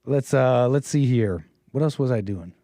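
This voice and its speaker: Recorded close to the mic with no echo, a slightly sick man hosts a call-in livestream, rambling, chuckling, and interrupting himself as he comments casually. His voice is mid-range and warm, at a normal speed.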